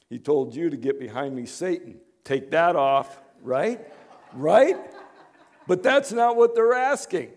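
A man pastor giving a conversational sermon, dropping to hushed asides and rising to emphatic points. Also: on the high side, animated, a little slow. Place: church in Chicago.

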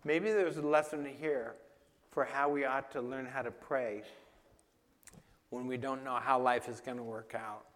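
A man's voice: medium pitch, steady tone, a little slow, a bit bright. A man preaching a sermon in an emphatic, conversational way, asking his listeners questions. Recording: long reverb of a hall.

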